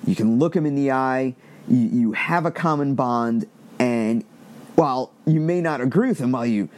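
A middle-aged man from Long Island with a slight Long Island accent, talking in a rambling, animated monologue and swearing freely as a podcast host. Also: mid-range voice, moderate pace. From Long Island, New York. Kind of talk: casual opinion monologue.

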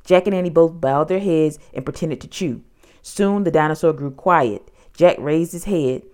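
A woman narrating a children's storybook in an expressive, dramatic way. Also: sits low, normal speed.

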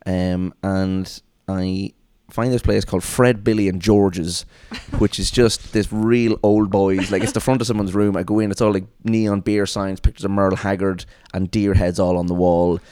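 A man hosting a podcast, telling a long anecdote in casual chat, animated and quick, slipping into put-on voices for the people he quotes. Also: deep voice, clean tone, no room sound, clean studio sound. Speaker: podcast host.

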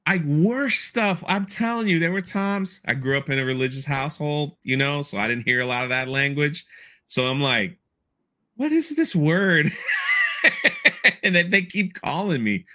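A man hosting a podcast, chatting casually and telling animated stories, often breaking into laughter. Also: on the high side, normal speed. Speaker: podcast host.

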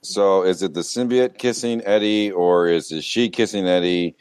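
A man in a casual movie chat, animated and disgusted as he rants about a scene. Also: deep voice, normal speed, clean tone, dry recording. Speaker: podcast panelist.

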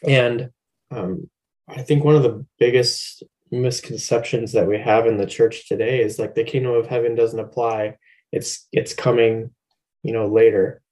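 A man co-hosting a casual faith podcast, speaking in a relaxed, conversational way with an easy humor. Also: mid-range voice, normal speed, rough recording. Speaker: podcast co-host.

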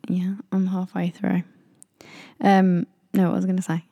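A woman's voice: on the low side, monotone, normal speed, vocal fry, dry recording, lo-fi sound. A young English woman chatting casually as a podcast co-host, telling stories and acting out what people said. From England. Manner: chatty storyteller, acts out quotes in raised voices. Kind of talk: casual chat.

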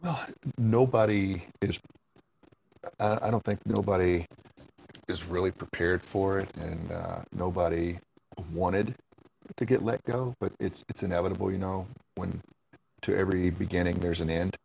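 A man with a very low, gravelly voice tells long, rambling stories in a casual interview chat. He laughs often and swears freely, and faint noise sits behind him. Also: steady tone, moderate pace, a little mellow, low-quality recording. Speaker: guest, former wrestler.

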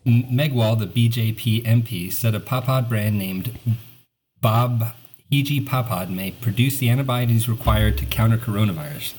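A man with a somewhat low voice works his way through a news passage on a casual podcast. He trips over the words and laughs along the way, with a faint hiss in the background. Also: normal speed, a little mellow. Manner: stumbles over names, laughs while reading. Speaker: podcast co-host. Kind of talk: casual podcast banter, reading aloud.

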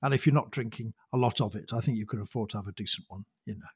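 A man's voice: fairly low pitch, racing, slightly rough, no room sound, clean studio sound. A man speaking as a podcast guest in casual chat, self-deprecating, laughing often and repeating words as he goes. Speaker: guest, former gamekeeping organisation chairman.

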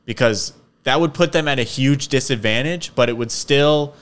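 A man's voice: mid-range voice, normal speed, a bit bright, smooth. A man co-hosting a podcast, casually explaining a story at length with some laughs. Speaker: podcast co-host. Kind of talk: casual chat.

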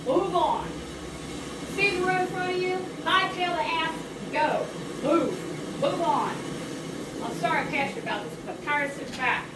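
High-voiced woman ranting bluntly. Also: normal speed. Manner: blunt, repetitive, profane lecturing; grows louder and more heated. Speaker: vlogger. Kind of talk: ranting to camera. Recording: echoey, distant mic with loud vehicle noise.

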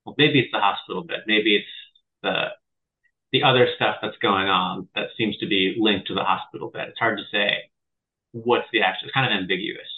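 Low-voiced man over a tinny line. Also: normal speed. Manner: relaxed, enthusiastic and joking. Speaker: podcast host. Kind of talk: casual podcast chat. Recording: tinny phone-like call line.

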